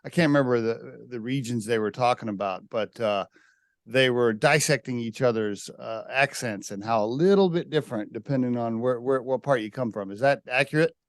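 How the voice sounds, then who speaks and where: Male podcast host, mid-pitched, casual and rambling, dry close mic. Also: normal speed, dry recording. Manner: chatty, rambling with restarts. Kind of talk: casual interview.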